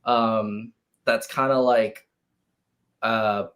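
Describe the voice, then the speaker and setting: A man's voice: lowish voice, fairly even intonation, very slow, fairly bright tone. A man, a band member being interviewed, talking in a laid-back way with casual swearing. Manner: laid-back, swears for emphasis, with many fillers.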